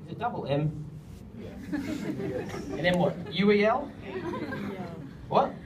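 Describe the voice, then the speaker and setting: A man's voice: high voice, sing-song, slow, crowd noise, background noise. A man leading a songwriting workshop, joking with the group and singing lines to show the melody. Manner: joking, often sings lines to demonstrate. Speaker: music director teaching songwriting. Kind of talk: workshop teaching with sung examples. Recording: far from the mic with faint ambience.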